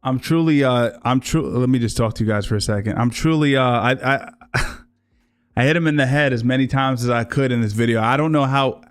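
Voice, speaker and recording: A man's voice: mid-range voice, brisk, clean tone, soft background music. A man hosting a livestream, reacting to clips in a rambling, casual way, often correcting himself and swearing. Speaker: livestream host.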